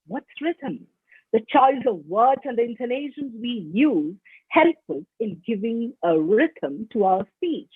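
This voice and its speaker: Woman lecturer, lively pitch, emphatic stress, heard over a phone-like call line. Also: slightly rough, no room sound. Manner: expressive, stresses words for emphasis. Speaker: webinar resource person. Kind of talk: online lecture. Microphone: video call.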